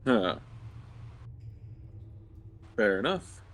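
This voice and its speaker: A man's voice: lowish voice, big pitch swings, extremely slow, fairly bright tone, slight background noise. A man playing a tabletop game over an online call, hesitant, stammering and repeating words. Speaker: player. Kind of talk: casual tabletop game chat. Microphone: own microphone over an online call.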